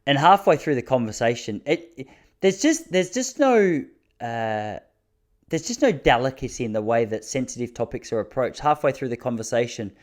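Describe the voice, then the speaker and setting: An Australian man in his thirties, hosting a podcast and telling rambling, self-mocking comic stories with quick asides. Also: mid-range voice, sing-song. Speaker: podcast host. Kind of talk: comic storytelling monologue.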